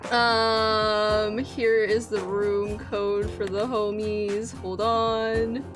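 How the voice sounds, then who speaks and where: A woman hosting a casual game stream with friends, animated and laughing often as she talks. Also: medium pitch, very slow, over music. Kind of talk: casual gaming stream chat.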